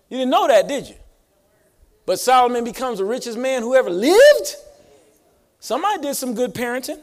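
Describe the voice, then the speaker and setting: A pastor preaching a sermon to his church in call-and-response style. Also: very high-pitched. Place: church sanctuary.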